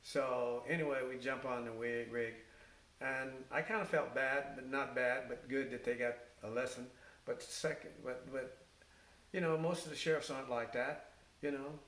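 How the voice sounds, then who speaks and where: A middle-aged or older man, a former firefighter, recounting his career in oral-history storytelling. He speaks haltingly, with many fillers and restarts. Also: medium pitch. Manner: halting, with many fillers and restarts, animated when quoting others. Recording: echoey room with faint hiss.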